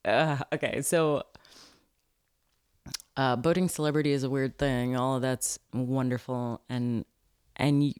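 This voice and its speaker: Woman, very low voice, podcast host, casual chat, giggly. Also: steady tone, unhurried, long pauses, darkish tone, smooth. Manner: bubbly, giggly storyteller.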